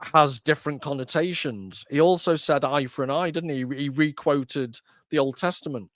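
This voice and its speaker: A man's voice: on the high side, moderate pace, a bit bright, no room sound. Wry man, dry close mic. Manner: wry, joking, rambling. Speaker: podcast host. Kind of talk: casual conversation.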